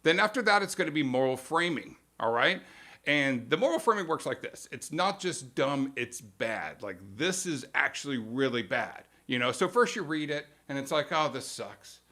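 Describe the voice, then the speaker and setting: A man's voice: on the high side, expressive, normal speed, sharp tone. A man hosting a live stream, explaining media tactics in a casual, emphatic monologue and acting out quotes in mock voices.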